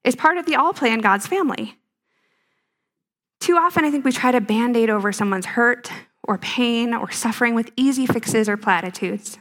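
A woman's voice: on the high side, normal speed, a bit bright. A woman giving a conversational teaching talk to a live audience, playful and full of rhetorical questions. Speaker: speaker at a ministry teaching.

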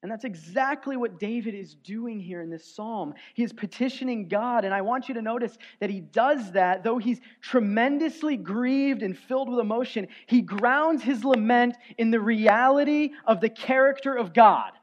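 A man preaching a sermon as pastor, earnest, moving from soft, low passages to loud, emphatic ones. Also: normal speed, hardly any pauses. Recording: dull lo-fi sound.

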